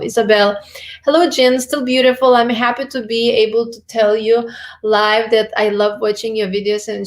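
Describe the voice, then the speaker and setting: Lady on a live beauty stream, gushing and affectionate, some vocal fry in there. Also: a little high. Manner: warm, effusive and affectionate. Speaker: beauty and health YouTuber. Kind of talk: casual livestream chat reading viewer comments.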